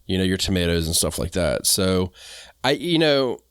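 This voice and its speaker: A man's voice: sits low, big pitch swings, moderate pace, a bit bright, clean tone, dry recording, clean studio sound. A man co-hosting a gardening podcast, joking around while steering the conversation in loose phrasing. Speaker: podcast co-host. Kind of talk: casual gardening chat.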